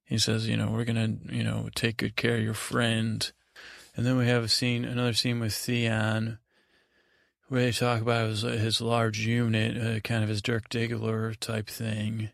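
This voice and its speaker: Man, low voice, meandering halting podcast talk, casual paraphrasing, dry recording. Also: monotone, vocal fry, a bit bright, dry recording. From United States. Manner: meandering, halting, many restarts and fillers. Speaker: podcast host. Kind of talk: rambling sleepy recap.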